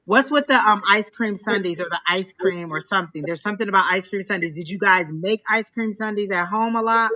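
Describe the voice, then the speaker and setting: A woman doing a live psychic reading, emotional and halting, often repeating herself as she passes on messages. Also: medium pitch, sharp tone. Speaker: psychic tarot reader.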